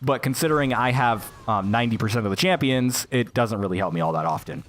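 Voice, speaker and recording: A man's voice: mid-range voice, lively intonation, fast, slight background noise. A young American man chatting casually about a game while playing it in the background, rambling with fillers and asides. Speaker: gaming YouTuber. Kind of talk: casual commentary over gameplay.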